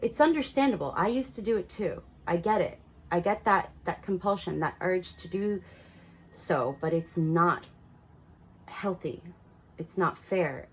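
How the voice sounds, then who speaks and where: A woman's voice: on the low side, animated, a little slow, husky. A woman giving a casual spiritual card reading, talking frankly and chattily and laughing at her own slips. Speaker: tarot card reader.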